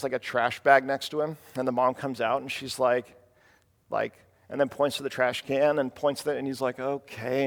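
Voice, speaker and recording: A man in his thirties preaching a sermon, telling a family story in a halting, conversational way with many restarts. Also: medium pitch, creaky. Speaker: pastor. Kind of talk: sermon with personal stories. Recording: long hall reverb.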